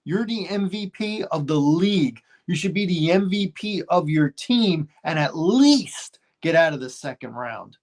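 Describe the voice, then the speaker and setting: A man's voice: a little high, animated, unhurried, hardly any pauses. A man co-hosting a casual sports talk show, emphatic and exasperated, firing off rhetorical questions.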